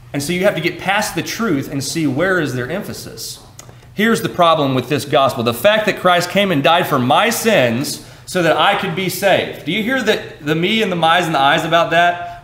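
A man's voice: fairly high pitch, a bit bright, roomy sound. A man preaching a sermon to his congregation in a church, reading scripture aloud with asides and corrections, then talking directly to the listeners in a conversational way. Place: church sanctuary.

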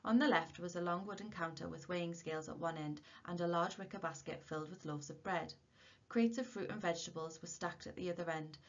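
A woman teacher reading a novel aloud to her class in a steady, expressive way. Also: on the low side, fairly quick. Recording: dull lo-fi recording.

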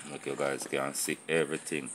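Very deep-voiced Jamaican man cooking outdoors. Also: fairly quick, heavy background noise. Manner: relaxed patois-flavoured talk to viewers. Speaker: cooking channel host. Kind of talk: casual cooking vlog. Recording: sizzling pots and clatter behind. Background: frying sizzle and pot clatter.

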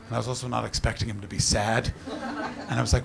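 A man performing a stand-up comedy set, telling a story in an animated way, full of swearing and asides to the crowd. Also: medium pitch, fast, creaky. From Canada. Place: comedy venue stage with live audience. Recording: noisy live room with audience laughter.

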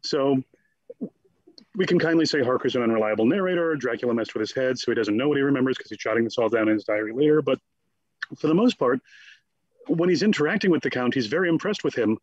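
A man in a conversational interview as a guest scholar, talking in an animated, digressive way and slipping into quick mock voices. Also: medium pitch, dry recording, dull audio.

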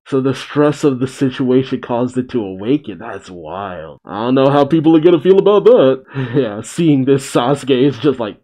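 Man reacting to a manga, mellow tone. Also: medium pitch, moderate pace. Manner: expressive, swears and laughs while reacting. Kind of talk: reading manga aloud with reactions.

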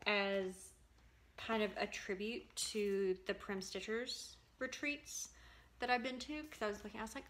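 A woman's voice: mid-range voice, fairly even intonation, measured pace, a bit bright, a little hiss or hum. A woman chatting casually and enthusiastically as a vlogger, showing her cross-stitch purchases with frequent ums. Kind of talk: casual show-and-tell chat.

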